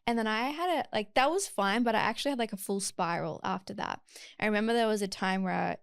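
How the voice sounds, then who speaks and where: A woman hosting a podcast, telling candid personal stories in a casual, expressive way. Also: mid-range voice, creaky, smooth, no room sound, clean studio sound. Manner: candid storyteller, fast and expressive. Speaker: podcast host. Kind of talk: casual interview chat.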